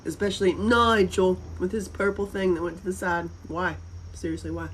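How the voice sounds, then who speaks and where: A woman's voice: fairly low pitch, normal speed, slight background noise, low-quality recording. A woman from North Carolina with a Southern accent, chatting casually and rambling on a livestream. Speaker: livestream host.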